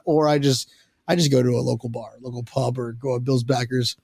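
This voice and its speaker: A man hosting a casual sports podcast from home, rowdy and joking as he tells loud stories. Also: medium pitch, level tone, moderate pace, gravelly, dry recording, studio quality. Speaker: podcast host. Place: home, living in South Florida.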